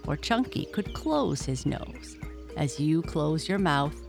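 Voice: medium pitch, animated, vocal fry, music in the background. A narrator reading a children's animal story aloud, speaking straight to the young listener. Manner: measured, addresses the listener.

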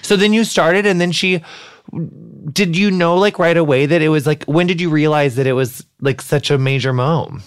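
A man's voice: a little high, normal speed, smooth, dry recording, studio quality. A man hosting a podcast interview, chatty and effusive, full of fillers. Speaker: podcast host. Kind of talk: casual interview chat.

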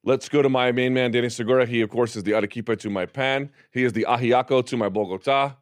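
A man's voice: mid-range voice, steady tone, fast, dry recording, studio quality. A man hosting a sports talk show, chatty and upbeat with jokes. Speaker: podcast host.

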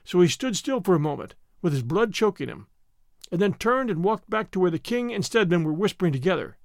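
A man narrating an adventure story in an expressive storytelling manner. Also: high voice, brisk, gravelly, dry recording, clean studio sound. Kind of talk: scripted narration.

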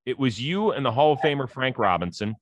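A man's voice: medium pitch, very animated, a little fast, no room sound, muffled recording. A man hosting an interview, reacting with laughs and playful mimicking of quotes. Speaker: podcast host. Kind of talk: casual interview chat.

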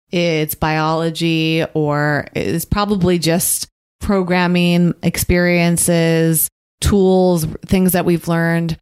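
A woman's voice: lowish voice, darkish tone, clean tone. A woman who makes online videos, talking frankly and reflectively in a casual interview. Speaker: YouTuber and guest.

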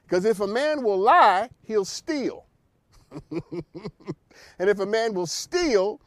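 A man's voice: sits high, a little mellow, dry recording. A man hosting a talk show, delivering an opinionated monologue full of emphatic rhetorical questions and repeated phrases. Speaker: radio show host.

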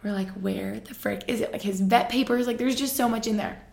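A woman's voice: on the high side, steady tone, a little fast, gravelly, darkish tone. A young woman telling casual stories to her listeners, chatty and full of fillers, often laughing. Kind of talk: casual storytelling chat.

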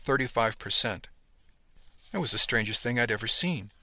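Bright-voiced man narrating a story. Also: mid-range voice, moderate pace, no room sound. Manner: steady storytelling. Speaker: audiobook narrator. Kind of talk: scripted first-person narration.

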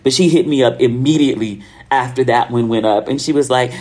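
On her own podcast, an American woman talks solo and casually about her travels, slangy and chatty, performing the dialogue as she goes. She speaks a little fast in a very deep, mellow voice.

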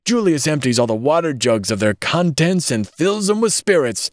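A man's voice: on the high side, very animated, moderate pace, no room sound, clean studio sound, pitched above the performer's own voice. A man voicing a drunken ranting man in rags, roaring in a wild, slurred way.

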